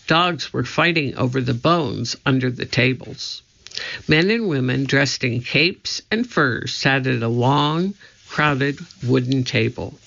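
A man reading a children's story aloud in a steady, scripted narration. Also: mid-range voice, slow, creaky. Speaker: audiobook narrator. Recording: slightly dull lo-fi audio.

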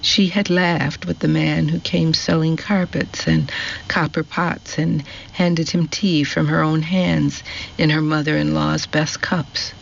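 A man reads a novel aloud in a slow, measured way, his somewhat high voice carrying a gravelly edge. The recording is dull and lo-fi, with a faint hiss underneath. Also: level tone. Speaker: narrator. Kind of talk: audiobook narration.

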